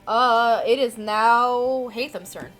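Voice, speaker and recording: A woman runs a tabletop role-playing game in a slightly high voice, laughing often and losing her place now and then. She talks casually to players and a live audience. Faint music plays underneath. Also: slow, fairly bright tone. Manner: giggly, casual, loses track and swears. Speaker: game master.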